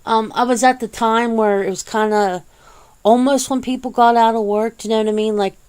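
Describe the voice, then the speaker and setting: A woman hosting a casual, soft-spoken ASMR chat, rambling along with easy swearing and frequent laughs, close to the mic. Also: a little high, fairly even intonation, fairly quick, clear, resonant tone. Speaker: ASMR channel host.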